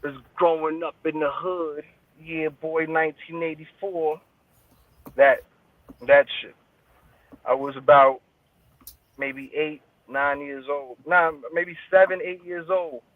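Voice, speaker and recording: A man's voice: fairly high pitch, steady tone, takes it slowly, long pauses, no echo. A man as an interview guest, talking in casual street slang with heavy swearing. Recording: tinny phone-like line, dry.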